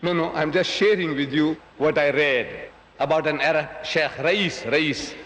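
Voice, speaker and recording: A man's voice: on the high side, unhurried, a bit bright. A man giving a public lecture, telling a story and acting out its voices. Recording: echoey hall.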